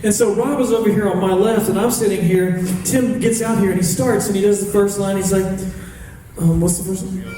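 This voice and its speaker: A man's voice: high-pitched, steady tone, brisk, a little hiss or hum. A man animatedly telling a funny story from the stage, laughing as he goes. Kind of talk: onstage storytelling. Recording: echoey venue from a distance with loud crowd.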